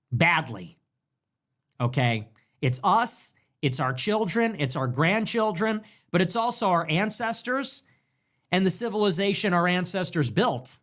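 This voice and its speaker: A man's voice: sits high, a bit bright. A man hosting a show, delivering an emphatic commentary monologue full of repetition and rhetorical questions. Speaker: show host.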